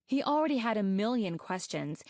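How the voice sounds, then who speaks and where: Steady female audiobook narrator, close dry read. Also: medium pitch, normal speed, no room sound. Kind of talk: scripted narration.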